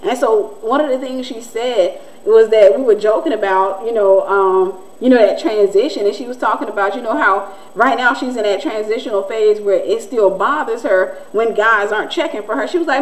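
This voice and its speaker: A woman, preaching in a conversational, animated way and acting out the voices she quotes. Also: on the high side, moderate pace, hardly any pauses, a little hiss or hum, low-quality recording. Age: 40s. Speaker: Christian teacher and host. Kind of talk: preaching-style teaching talk.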